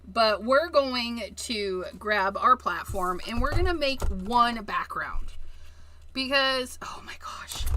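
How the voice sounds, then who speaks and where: Slow, bright-voiced woman crafting live. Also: a little high, a little hiss or hum. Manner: chatty, addresses viewers as "you guys", giggly asides. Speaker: card-making live streamer. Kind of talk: casual live-stream craft demo.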